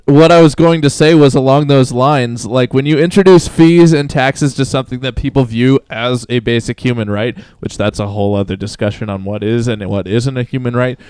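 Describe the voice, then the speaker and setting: Man, podcast co-host, casual chat, hesitant, smooth voice, dry sound. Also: mid-range voice, fairly quick, hardly any pauses, darkish tone, no room sound.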